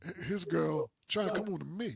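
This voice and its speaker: A man's voice: fairly high pitch, fairly quick, gravelly. Male podcast co-host, casual slangy storyteller, acts out quotes.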